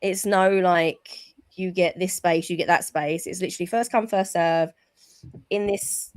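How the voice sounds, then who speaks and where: British woman guest, quick chatty talk, dry close mic. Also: lowish voice, fairly even intonation, no echo. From England. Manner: chatty, quick, says "like" a lot. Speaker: guest, wrestling interviewer. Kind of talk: casual chat.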